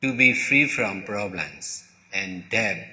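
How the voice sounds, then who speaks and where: A man whose first language is Burmese teaches in a bright, forceful voice, speaking very slowly. He pauses between short phrases and often repeats words. His voice rings through a hall with a long reverb. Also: lowish voice, animated. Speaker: monk teacher. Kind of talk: slow dharma talk.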